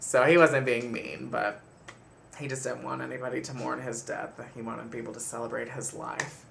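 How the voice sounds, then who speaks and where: A man speaks with a gravelly edge and a bright, forward tone. He tells a personal story straight to the camera as a casual vlog, chatty and animated. His delivery is loose and conversational. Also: medium pitch, normal speed, a little hiss or hum. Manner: chatty, animated retelling with frequent laughs. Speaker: vlogger.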